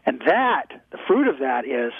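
A man's voice: medium pitch, very animated, normal speed, slightly rough, dry recording. A man, a guest pastor, talking with energy and humor on a call-in radio show, sometimes ranting. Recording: tinny phone line.

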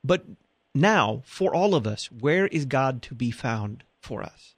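A man hosting a live talk radio show, speaking in an earnest, measured way. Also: mid-range voice, lively intonation, husky, no echo.

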